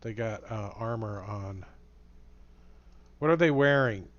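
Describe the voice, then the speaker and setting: A man's voice: lowish voice, takes it slowly, lo-fi sound, slight background noise. A man running a tabletop game as game master, talking casually and rambling with many fillers.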